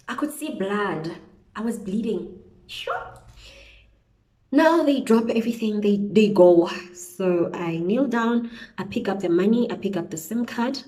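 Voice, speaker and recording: A young woman from South Africa, a beauty vlogger chatting through a storytime while she does her makeup, animated and peppered with slang interjections. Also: medium pitch, slow pace, pauses often, poor audio. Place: indoors at home, windy outside.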